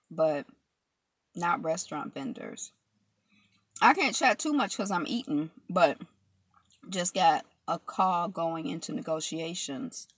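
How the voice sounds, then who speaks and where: A woman chats casually with viewers as she eats on a live stream, rambling loosely with many fillers and answering comments as they appear in this mukbang session, filmed on a phone camera. Her lowish, fairly bright voice has lively intonation and a slightly slow pace with long pauses, and there's no room sound.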